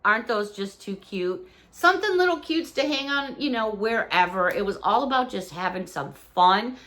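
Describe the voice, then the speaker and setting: A woman's voice: mid-range voice, lively intonation, normal speed, a bit bright. A middle-aged woman vlogger chatting casually and cheerfully as she unboxes a haul, exclaiming over each item.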